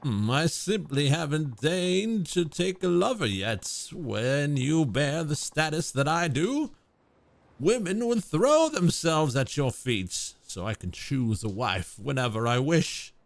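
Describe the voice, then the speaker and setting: Man voicing a haughty fake aristocrat, 35: slow theatrical drawl, fairly high voice that swings widely. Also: animated, creaky, full character voice. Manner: grandiloquent, drawn-out theatrical delivery. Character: pompous self-styled nobleman, 35, haughty. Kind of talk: reading game dialogue aloud with voices.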